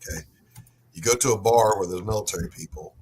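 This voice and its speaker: A man's voice: lowish voice, fast, a little mellow, low-quality recording. A man who served in the military, chatting on a livestream and often restarting his sentences. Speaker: military veteran panelist. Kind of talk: casual group chat on a livestream. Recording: clear background noise on the line.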